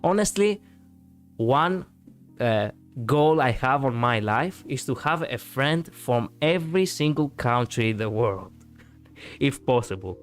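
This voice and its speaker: A man's voice: mid-range voice, expressive, takes it slowly. Chatty man streaming over faint music. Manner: rambling, chatty, reacting to chat, frequent fillers. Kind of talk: casual live-stream chat.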